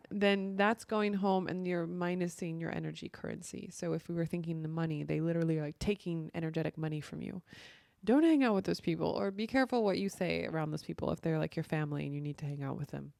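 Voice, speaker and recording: Chatty woman with a gravelly edge. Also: lowish voice, fast, darkish tone, dry recording, studio quality. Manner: chatty, heavy use of "like" and "you know". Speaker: spiritual coach and podcaster. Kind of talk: casual monologue.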